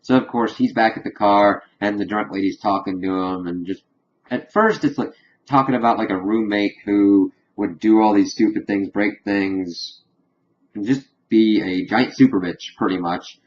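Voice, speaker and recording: Guy rambling through a tv episode recap, lots of likes and of courses, kinda low voice, muffled lo-fi sound. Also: normal speed. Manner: rambling, filler-heavy storytelling. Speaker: TV episode reviewer. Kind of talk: casual spoilery episode recap.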